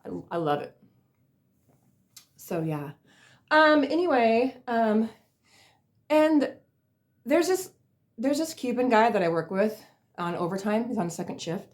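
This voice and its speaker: A woman's voice: fairly high pitch, sing-song, a little slow, pauses often. Give me a woman casually rambling through funny work stories in a home vlog, full of fillers. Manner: rambling, many fillers, laughs at herself. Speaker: vlogger. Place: at home in a chair.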